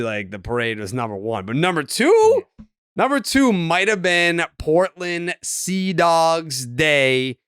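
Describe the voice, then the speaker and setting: Hyped high-voiced man hosting a podcast. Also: fairly bright tone, smooth, no room sound, clean studio sound. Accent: Boston. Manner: hyped, joking, teasing storyteller. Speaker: podcast host. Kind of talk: casual sports podcast banter.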